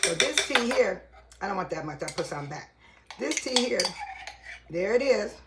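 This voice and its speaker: A woman's voice: mid-range voice, big pitch swings, normal speed, heavy background noise. A woman chatting to viewers in her home kitchen, casual and laughing often. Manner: chatty, laughs a lot, addresses viewers as y'all. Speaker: vlogger. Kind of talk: casual kitchen vlog talk.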